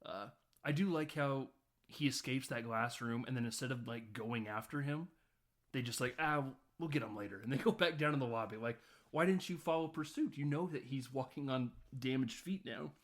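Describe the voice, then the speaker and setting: A man talks through a film scene by scene in a relaxed podcast chat. His voice sits in a middle range, and his delivery wanders with plenty of fillers and restarts. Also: medium pitch, normal speed. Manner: rambling recap with many fillers. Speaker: podcast co-host. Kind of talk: casual film discussion.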